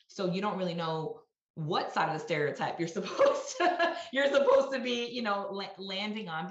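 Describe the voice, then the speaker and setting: A woman's voice: deep voice, a bit bright. A middle-aged woman from New York, a guest executive, talking reflectively in a conversational interview and often adding "you know" and "right?". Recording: roomy, slightly dull sound.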